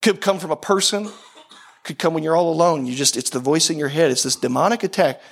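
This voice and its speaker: High-voiced man preaching a conversational sermon. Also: fairly quick, creaky. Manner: conversational preaching with repeated phrases. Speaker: pastor.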